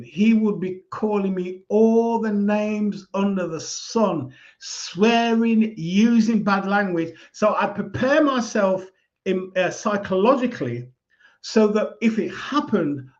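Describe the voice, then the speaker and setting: A man giving calm, measured advice in a casual talk. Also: fairly high pitch, highs cut off. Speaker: speaker giving life advice.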